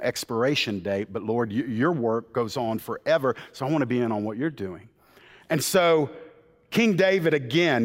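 Animated preacher in a reverberant church. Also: male voice, mid-range voice. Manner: animated storytelling preacher, acts out quoted voices. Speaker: pastor. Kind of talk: sermon. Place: church sanctuary. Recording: church hall with long reverb.

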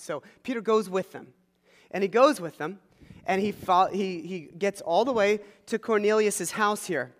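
Speaking at a normal speed in a large hall, this pastor, whose voice sits high, delivers a sermon. He animatedly retells a story and acts out the voices of the people in it.

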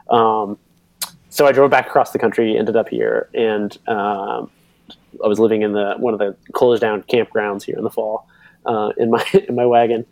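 With a darkish tone and a steady medium pitch, the young guest, a bike racer and mechanic, tells a long story at normal speed. It's loose, casual talk heavy on fillers, and he acts out what others said. The recording has no echo but is low quality.

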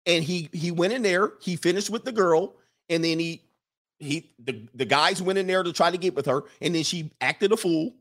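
Animated, preachy man with a high voice. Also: moderate pace. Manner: animated, preachy, repeats his lines for emphasis. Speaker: live-stream host reading viewer comments. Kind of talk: casual commentary monologue.

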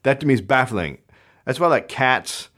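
A man's voice: mid-range voice, lively intonation, normal speed, fairly bright tone. A man hosting a podcast alone, riffing in a profane, sarcastic, rambling comedic monologue into a microphone at home. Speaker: podcast host. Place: home closet studio. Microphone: studio microphone.

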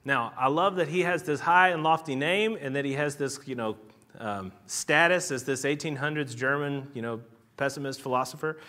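A man's voice: on the high side, pushed and bright. A man preaching a conversational sermon, explaining ideas with casual asides and building emphasis. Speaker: pastor.

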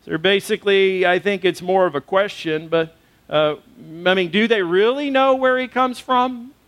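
High-voiced man preaching conversationally. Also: moderate pace, fairly bright tone. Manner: conversational preaching with fillers and rhetorical questions. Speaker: pastor. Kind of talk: sermon.

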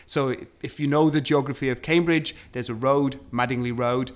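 Male science storyteller, mid-pitched, chatty, hesitant. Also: fairly even intonation, moderate pace. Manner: storytelling, hesitant with ums and restarts.

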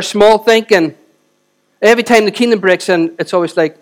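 A man preaching a sermon to a church congregation, swinging between loud exhortation and quiet, close moments, and often asking the audience rhetorical questions. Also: high-pitched, normal speed. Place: church service.

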